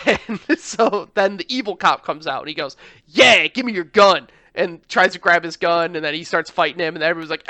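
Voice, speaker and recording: A man with a fairly high, bright voice runs through a movie plot in loose, casual chat. He jumps into mock character voices and swears freely. The sound is dry and close, with no room around it. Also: dry recording. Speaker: podcast co-host.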